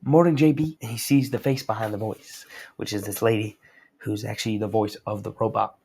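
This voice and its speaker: A man's voice: lowish voice, level tone, fairly quick, creaky, slightly rough. A young man recapping a story in a rambling, slangy, casual manner. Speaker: host.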